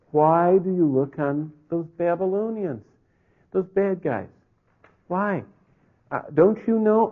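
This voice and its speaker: Pleading male preacher, phone-like sound. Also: mid-range voice. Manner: earnest, rising to pleading questions. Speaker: pastor. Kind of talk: sermon.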